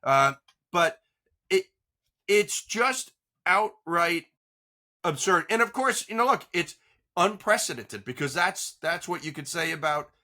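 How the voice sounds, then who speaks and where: A man giving animated political commentary as a guest, emphatic and exasperated, often restarting his sentences. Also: high voice, a little slow.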